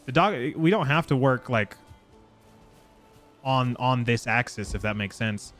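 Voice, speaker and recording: Excitable, swearing game streamer. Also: male voice, mid-range voice, measured pace, soft background music. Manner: casual, excitable, swears freely, talks to his chat. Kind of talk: casual live gameplay chat.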